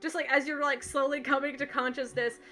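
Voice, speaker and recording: A woman's voice: high voice, flat delivery, fairly quick, sharp tone. A woman game master narrating a tabletop game in a loose, casual way, full of fillers.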